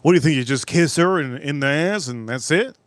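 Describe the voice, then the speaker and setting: A man hosting a live cooking stream outdoors at a grill, talking in a casual, profane way with sudden loud exclamations. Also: fairly high pitch, lively intonation, a little fast, no room sound.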